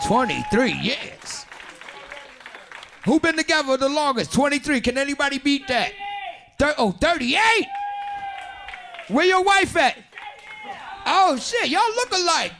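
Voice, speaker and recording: A man doing stand-up comedy, bantering loudly and profanely with the audience in a club. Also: extremely high pitch, background noise. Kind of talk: stand-up crowd work.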